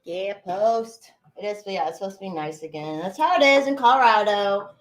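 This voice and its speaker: A woman's voice: mid-range voice, expressive, normal speed. Chatty, swearing woman streamer in her thirties. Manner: chatty, profane, answers chat by name. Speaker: livestream host. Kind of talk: casual chat while baking. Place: home kitchen.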